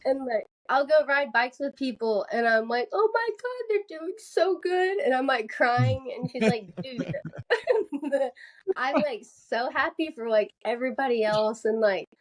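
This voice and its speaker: A woman's voice: a little high, measured pace. Chatty laughing young woman. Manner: chatty, laughs often, says "like" a lot. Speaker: podcast guest. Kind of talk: casual interview chat.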